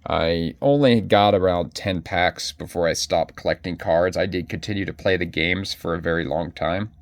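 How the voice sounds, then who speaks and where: Gravelly low-voiced man showing his collection. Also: moderate pace, no room sound. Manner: chatty, self-correcting, addresses viewers directly. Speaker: collector vlogger. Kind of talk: casual card collection walkthrough.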